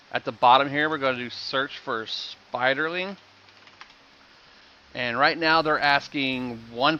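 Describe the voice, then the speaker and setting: Chatty male game streamer, bright voice. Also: medium pitch, dull audio. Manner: chatty, explains game economy and thanks viewers. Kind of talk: casual live-stream commentary.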